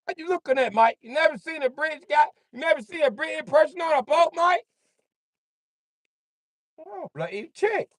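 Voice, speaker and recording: A man putting on a shrill pompous British crier. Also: slow pace, no room sound, exaggerated voice. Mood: mocking. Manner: loud, shrill, mock-posh shouting. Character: pompous shouting British male ship crier. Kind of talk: livestream joking.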